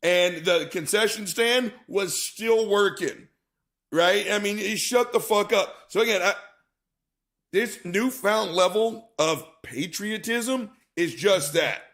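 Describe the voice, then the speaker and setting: A man's voice: high-pitched, slow pace, a bit bright. A man co-hosting a show, talking casually and profanely to his viewers in a chatty storytelling way. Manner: chatty storyteller, profane, calls audience "gang". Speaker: show co-host.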